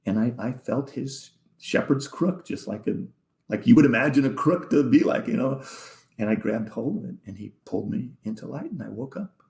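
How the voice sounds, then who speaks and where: A man, a podcast guest, telling an emotional personal story in a halting way, repeating words and sometimes dropping almost to a whisper. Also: medium pitch, lively intonation, gravelly, darkish tone. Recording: echoey room.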